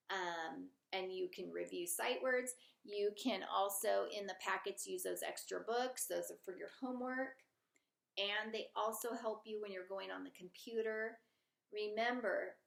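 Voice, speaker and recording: A woman kindergarten teacher giving an online lesson to kids and parents, friendly and explaining slowly and clearly. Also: mid-range voice. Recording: echoey room.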